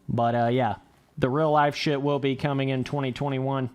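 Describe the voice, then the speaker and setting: A man's voice: medium pitch, fairly even intonation, normal speed, darkish tone. A young man giving casual, rambling livestream commentary while playing a game, swearing freely. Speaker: gaming livestreamer.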